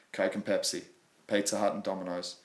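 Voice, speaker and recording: A man with an Australian accent hosting a casual crypto livestream, talking quickly and rambling. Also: sits low, little pitch movement, roomy sound. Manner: quick, rambling, apologetic about his pace. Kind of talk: casual live chat.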